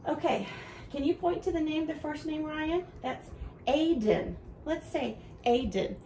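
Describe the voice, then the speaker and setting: A woman teaching a home video lesson for young children, with a bright sing-song teacher voice that goes slow and clear for the kids. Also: high-pitched, a little hiss or hum, low-quality recording.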